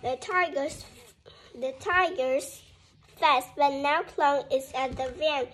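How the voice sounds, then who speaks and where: A woman reading a children's story aloud in a slow, careful way, inviting her listeners to join in. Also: high voice.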